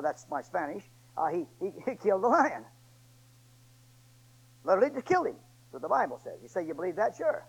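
A man with a fairly high voice delivers a sermon. His folksy, colloquial storytelling swings from booming declarations to hushed asides. The sound is muffled and lo-fi, like an old church tape. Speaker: preacher.

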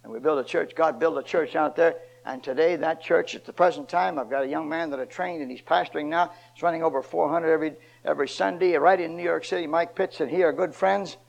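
An older man preaching a sermon, originally from Ohio, swinging from loud emphatic lines to low quiet asides. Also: fast talker, gravelly, few pauses, lo-fi sound. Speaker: pastor.

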